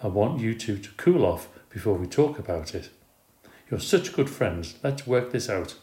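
A man voicing a firm but calm female schoolteacher settling a quarrel in a storybook reading. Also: fairly low pitch, normal speed, echoey room. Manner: firm, soothing.

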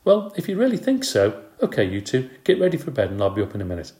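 A man voicing a calm, clever young woman babysitter who talks in a breezy, teasing way, in a storybook reading. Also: mid-range voice, fast, roomy sound, voice pushed up.

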